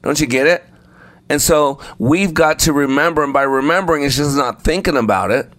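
A man's voice: on the high side, a little fast, fairly bright tone, no echo. Emphatic male preacher, dry sound. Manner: emphatic, repeats phrases for effect; acts out the story voices while telling it. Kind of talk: sermon.

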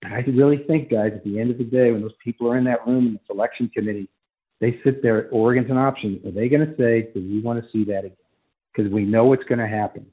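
A man's voice: mid-range voice, steady tone, quick pace, breathy edge. A man calling in to a radio show as a guest, giving emphatic college football analysis. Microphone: telephone. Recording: tinny phone line.

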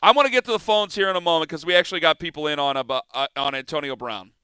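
A man hosting a sports radio show from a studio, talking in an animated, excitable way that jumps between topics. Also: fairly high pitch, very fast, clean tone, no room sound. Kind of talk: casual sports talk chat.

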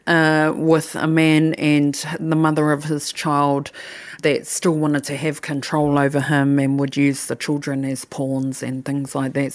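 A woman's voice: deep voice, no echo. A woman in her thirties with a New Zealand accent, hosting a podcast and telling a personal story in a blunt, candid way, swearing freely. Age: 30s. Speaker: podcast host.

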